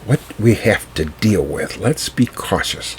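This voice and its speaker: A man's voice: lowish voice, lively intonation, unhurried, background noise. A man voicing a careful, clever man who leads his animal friends in a folk tale. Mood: cautious. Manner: careful, persuasive.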